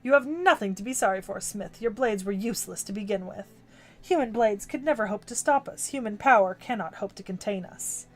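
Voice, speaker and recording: A gloating cursed warrior monk. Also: male voice, high voice, fairly quick, soft background music. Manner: cold, boastful, mocking. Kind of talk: anime dub acting.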